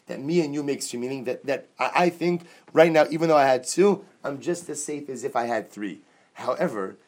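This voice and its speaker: Male Talmud teacher, animated delivery, explains phrase by phrase, class setting. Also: mid-range voice. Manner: animated, explains Aramaic phrase by phrase, laughs with students.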